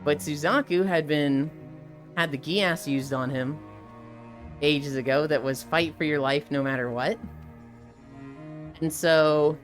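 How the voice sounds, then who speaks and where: A young woman streaming live and chatting casually, retelling an anime with lively, profane commentary and acted quotes. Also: sits low, slow, long pauses, soft background music.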